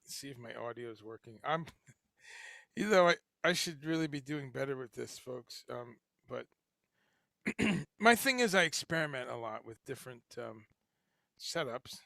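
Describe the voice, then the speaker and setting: Gravelly, bright-voiced man hosting a livestream. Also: medium pitch, lively intonation, a little slow, no room sound, clean studio sound. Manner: rambling, with many fillers and restarts. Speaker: livestream host. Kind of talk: casual livestream chat. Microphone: headphones and home streaming setup.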